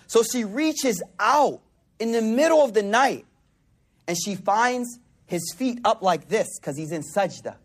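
Husky high-voiced preacher. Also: male voice, very animated, takes it slowly. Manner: swings between loud emphatic lines and hushed intimate ones; repeats phrases for emphasis. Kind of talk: sermon. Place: hall with a live audience.

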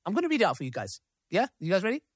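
A man's voice: sits high, wildly swooping pitch, very fast, husky, no echo, clean studio sound. A man hosting a live panel discussion who reads messages aloud with asides and frequent checks with the room. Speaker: host of a debate panel.

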